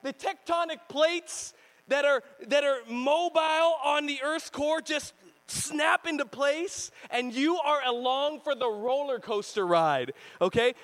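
A man in his thirties preaching a sermon as pastor, animated and joking, sometimes acting out other people's voices. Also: extremely high pitch, measured pace, poor audio. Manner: animated, jokey, acts out voices and screams.

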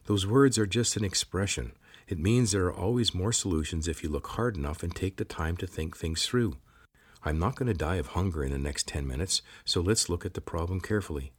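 A man's voice: low-pitched, brisk, breathy edge. A man voicing a determined young male explorer trapped in a cave, speaking plainly. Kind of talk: audiobook character voice.

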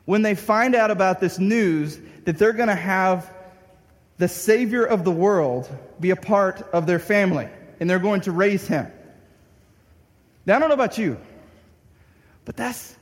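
A young man preaches through a funny personal story, his voice pitched high and ringing with a long hall reverb. He acts out his own frustration, now and then breaking into a shout. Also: expressive, a little slow, long pauses. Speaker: pastor. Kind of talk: storytelling sermon.

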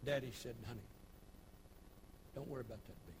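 A man preaching a sermon, folksy storytelling that builds into shouted preaching. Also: mid-range voice, brisk, slight background noise, poor audio. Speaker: pastor. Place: church.

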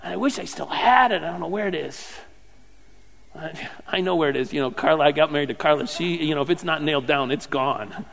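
A middle-aged man preaching a sermon, swinging from loud fervent questions to hushed, near-whispered lines. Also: on the high side, brisk, creaky. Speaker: pastor. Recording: long hall reverb.

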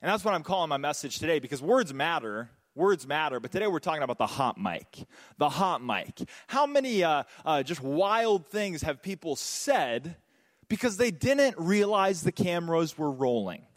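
A man preaching a sermon, telling stories and jokes in an animated way. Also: on the high side, normal speed, big-room sound. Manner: animated, joking, storytelling. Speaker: pastor.

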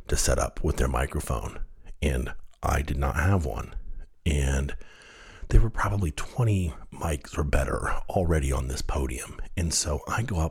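Male podcast host, low and a little husky, lively self-deprecating storyteller. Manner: animated storyteller, laughs at himself. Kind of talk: storytelling monologue.

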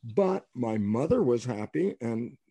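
A man telling stories as a guest in an interview, emphatic and animated, asking rhetorical questions and acting out the lines of people he quotes. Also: mid-range voice, unhurried, slightly rough, no echo. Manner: animated, acts out quoted dialogue. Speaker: guest biologist. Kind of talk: storytelling in an interview.

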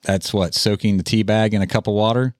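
A man's voice: on the low side, fairly even intonation, brisk, no echo, studio quality. A man hosting a casual podcast chat, rambling along and tossing in random facts. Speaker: podcast host. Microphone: studio mic with headphones.

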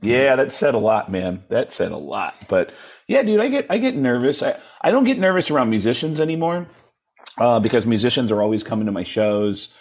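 Husky-voiced man telling comic stories. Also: mid-range voice, fairly quick. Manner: animated, self-deprecating, laughs often, lots of restarts. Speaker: guest comedian. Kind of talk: casual storytelling in conversation.

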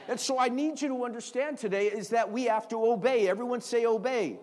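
A middle-aged pastor with a very high-pitched voice preaches briskly. He tells stories in an animated way, often repeating words and calling for responses from the congregation.

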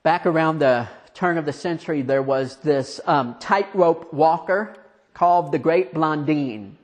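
Earnest preacher guy, a bit high voice, tells stories and asks the room stuff. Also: unhurried. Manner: earnest, conversational, asks the listeners questions, sinks quiet for emphasis. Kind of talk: storytelling sermon.

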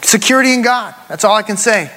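A man's voice: sits high, expressive, fast talker, bright, forceful tone. A man in his forties preaching a sermon, telling a personal story with emphasis and calling the congregation "y'all". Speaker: pastor. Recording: long hall reverb.

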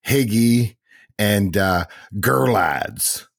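A man's voice: fairly low pitch, lively intonation, drawn-out words, creaky, no room sound, studio quality. A man in his forties, hosting a podcast, talking casually and unhurriedly, repeating words as he builds a story. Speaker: podcast host and lodge owner. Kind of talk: casual conversation.

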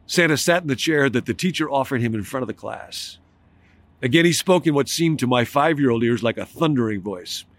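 A pastor preaches at a steady, middle pitch, moving through stories and scripture in a reflective way. He slows down and leans on key words when he makes his main points. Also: no echo. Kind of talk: sermon.

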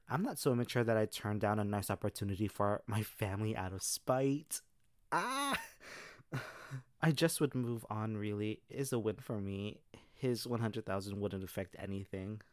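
Casual male podcast host, low voice, dry close sound, giggly reactions. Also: no room sound. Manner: chatty, laughs often between comments.

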